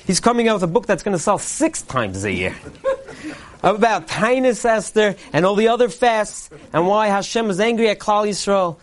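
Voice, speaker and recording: A man delivering a parody Purim sermon, a mock-earnest preacher cadence and deadpan punchlines. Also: very high voice. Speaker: comedian delivering a mock Purim Torah speech.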